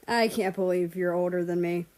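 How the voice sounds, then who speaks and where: A woman's voice: fairly low pitch, steady tone, normal speed, a little mellow, lightly acted. A woman voicing a weary older brother who answers in a dry, exasperated way.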